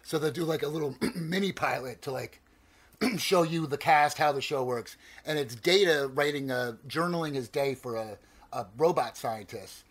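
A man's voice: on the high side, normal speed. A man in his forties with a New Jersey accent, talking in a casual, digressive way with frequent restarts. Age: 40s. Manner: animated, digressive, stammers and restarts, swears casually. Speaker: podcast co-host. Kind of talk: casual chat.

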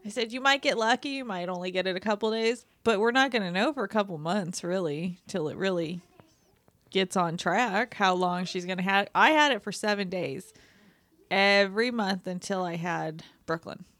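A woman's voice: medium pitch, moderate pace, fairly bright tone, no echo. A woman chatting frankly about her own experience as a mother, laughing as she talks. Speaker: mother joining the chat. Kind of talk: casual chat.

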